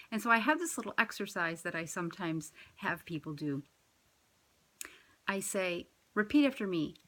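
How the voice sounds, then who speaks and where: A woman in parish ministry giving a reflective spiritual talk, speaking in an earnest, measured way with gentle emphasis. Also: lowish voice.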